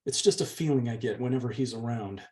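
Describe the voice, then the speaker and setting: A man reading aloud, voicing a meek and gentle young woman who pleads softly with her older sister. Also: mid-range voice, fast, lightly acted. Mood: sad. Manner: soft, pleading. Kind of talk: audiobook reading.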